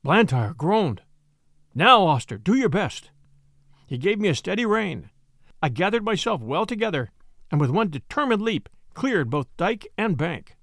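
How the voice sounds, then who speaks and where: A man narrating a classic novel in an expressive, measured storytelling manner. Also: high voice, no echo, clean studio sound. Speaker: audiobook narrator.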